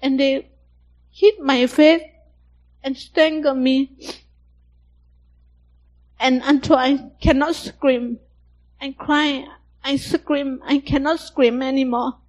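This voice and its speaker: A high-voiced woman tells her story slowly in plain, broken English, her phrases short and halting. She speaks softly throughout. The recording is dull and lo-fi. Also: steady tone. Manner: halting, simple broken English, soft-spoken. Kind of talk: personal testimony.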